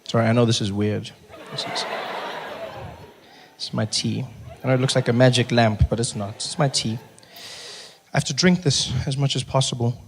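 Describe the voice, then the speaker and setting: A South African man doing stand-up comedy, telling an animated story that swings between loud bits and hushed talk. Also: medium pitch, moderate pace, pauses often, slight background noise. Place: comedy club stage.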